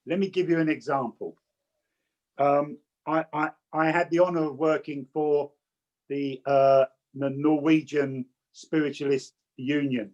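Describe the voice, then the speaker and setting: A man's voice: on the high side, steady tone, unhurried, a little mellow, lo-fi sound. Chatty Englishman teaching over a video call. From England. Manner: stammering restarts, chatty and direct. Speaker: spiritualist medium teaching. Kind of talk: online teaching talk with anecdotes.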